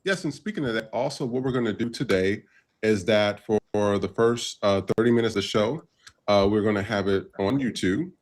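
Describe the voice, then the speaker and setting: A man is hosting a live podcast, chatting loosely and filling gaps with "uh." His voice sits a little low, and his talk drifts along in an easy, unhurried way. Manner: loose, rambling, many fillers. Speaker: podcast host. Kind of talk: casual live-stream chat.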